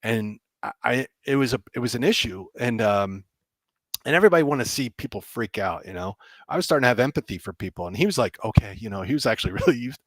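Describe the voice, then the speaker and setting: A man, a game developer, telling animated stories as a guest and acting out people's reactions with frequent laughs. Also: medium pitch, quick pace, no echo. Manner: excitable, acts out reactions, laughs often. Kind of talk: animated storytelling.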